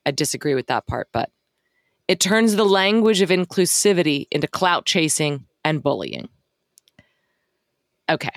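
A woman co-hosting a casual podcast, recounting events in a measured way from her notes. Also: medium pitch, a bit bright, dry recording, studio quality. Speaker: podcast co-host.

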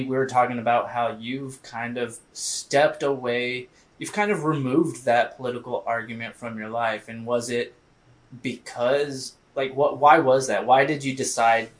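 Casual male podcast host. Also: mid-range voice. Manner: halting, restarts questions, casual swearing. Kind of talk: casual interview.

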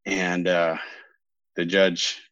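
A man in his thirties with a very low voice, recounting his past in a rambling, candid way, stopping to correct himself and adding wry asides. The recording is dry, with a slightly muffled, dull tone. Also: monotone, drawn-out words, a bit bright, clear, resonant tone, no echo. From California. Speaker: podcast guest. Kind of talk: candid storytelling interview.

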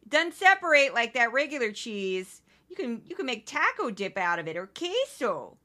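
A woman from Missouri hosting a solo news-commentary podcast, talking in an indignant, conversational way with quick asides. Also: fairly high pitch, very animated, bright, forceful tone. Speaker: podcast host.

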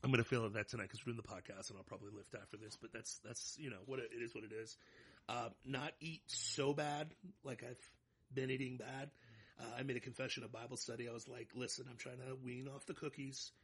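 A podcast co-host in his thirties talks fast in a medium-pitched, slightly rough voice. He's casual and animated, cracking jokes and hyping himself up.

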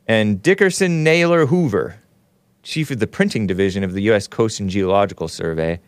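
A man's voice: on the low side, no room sound. A man hosting a live talk show, rambling and sarcastic, reading aloud and joking with his chat. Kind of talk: casual live-stream commentary.

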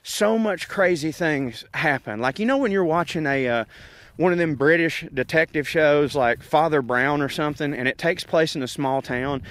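A man's voice: fairly high pitch, dry recording. A man from North Georgia with a Southern accent, rambling and joking in a casual rant while walking outdoors. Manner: rambling, joking, animated, laughs often. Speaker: comedian podcast host. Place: outdoors, walking on an overcast windy day.

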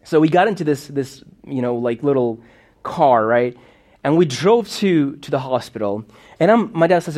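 A man's voice: mid-range voice, animated, moderate pace, darkish tone. A man telling a personal story in a sermon, talking in a loose, conversational way full of fillers and restarts. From Moldova. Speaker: preacher.

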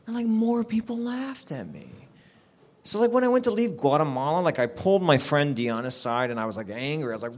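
A man, a comedian, telling stand-up stories on a live show, full of "like" fillers and quick asides. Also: fairly high pitch. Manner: animated, says "like" constantly. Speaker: comedian guest.

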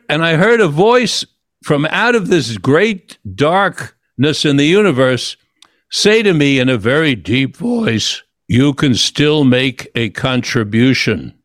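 A man's voice: on the high side, a bit bright, no echo, clean studio sound. An older man hosting an interview and telling a personal story in an earnest, reflective way, often restarting his sentences. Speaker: host.

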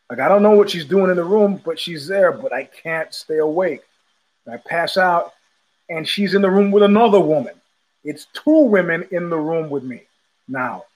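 A man's voice: high voice, poor audio. A man hosting a podcast, telling a casual rambling story with many restarts and repetitions. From United States. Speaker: podcast host.

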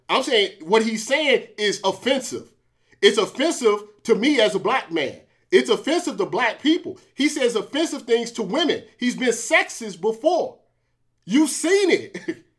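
A man's voice: sits high, bright, forceful tone. A man hosting a sports talk show, arguing emphatically and repeating his points to a co-host. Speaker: podcast host. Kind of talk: heated commentary talk.

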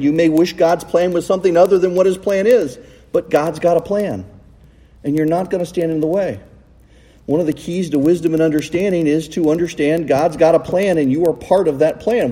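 Man preaching with a dark, husky voice. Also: fairly high pitch, big-room sound. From United States. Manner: animated preaching, rising and falling, rhetorical questions. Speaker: pastor. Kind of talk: sermon. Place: church sanctuary. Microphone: cell phone.

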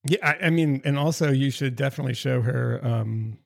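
A man's voice: mid-range voice, brisk, gravelly, no room sound, clean studio sound. A man in casual podcast chat who rambles and restarts his sentences.

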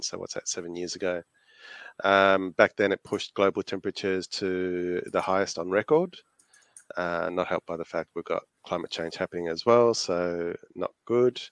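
A man's voice: deep voice, a bit bright, clear, resonant tone, dry recording. A man with an Australian accent co-hosting a casual podcast chat, hesitant and full of fillers, laughing easily. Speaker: podcast co-host.

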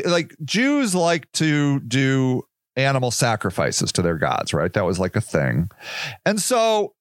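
Slow-talking man with a lively, swooping voice. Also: fairly high pitch, dry recording, studio quality. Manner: rambling, animated, swears casually, acts out quoted voices. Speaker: podcast host. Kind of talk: casual monologue.

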